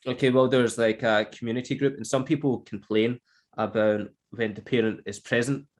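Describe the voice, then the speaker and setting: A man, an online English teacher, chatting casually and telling animated stories with laughs. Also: mid-range voice, normal speed. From Scotland. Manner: animated storytelling, acts out quotes with laughs. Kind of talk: casual chat.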